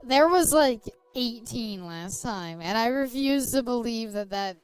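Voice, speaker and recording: A woman's voice: a little high, expressive, measured pace, smooth, soft background music. A woman streaming a game and chatting casually, giggling often and swearing freely. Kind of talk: casual gaming stream chat.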